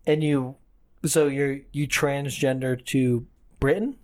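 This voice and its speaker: A man's voice: medium pitch, steady tone, slow, a little mellow. Rambling self-deprecating podcast guy. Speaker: podcast co-host. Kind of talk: casual comedic chat.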